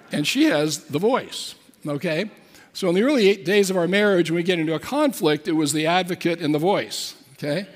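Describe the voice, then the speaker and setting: A man preaching a sermon, telling a personal story in an earnest way and asking the audience questions. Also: a little high. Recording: long hall reverb.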